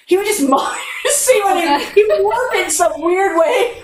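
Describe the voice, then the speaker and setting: A woman's voice: very high voice, a little fast, reverberant. A woman teaching a flute masterclass over a video call, chatty and enthusiastic. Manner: chatty, enthusiastic, animated storytelling.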